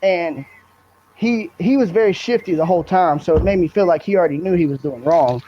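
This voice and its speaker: A man's voice: high-pitched, a little fast, slight background noise. A young man, a podcast guest, talking earnestly and bluntly in long rambling stories. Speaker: guest, brother of the subject. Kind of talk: emotional storytelling in a podcast interview. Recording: dull lo-fi recording.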